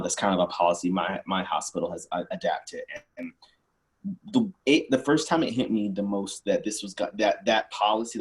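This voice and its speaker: A man, a nurse, talking thoughtfully on a webinar panel with some hesitant fillers. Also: low-pitched. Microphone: video call.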